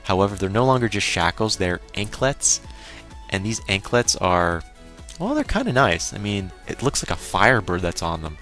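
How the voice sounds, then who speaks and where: A man's voice: low voice, normal speed, fairly bright tone, soft background music. A young man giving a casual, crude recap of an anime episode and acting out his own reactions. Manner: crude, exclaiming, mock-quoting himself. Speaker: anime reviewer.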